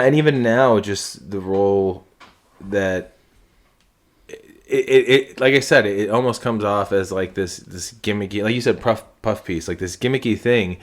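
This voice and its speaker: Low-voiced man rambling over beers. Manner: rambling, swears freely, many restarts. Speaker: podcast host. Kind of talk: casual chat over beers.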